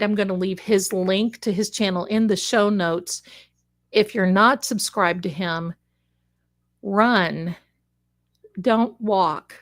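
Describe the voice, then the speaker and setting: A woman's voice: mid-range voice, slow. A woman hosting a psychic livestream, chatting casually and rambling, calling her viewers "my darlings.". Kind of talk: casual live-stream chat.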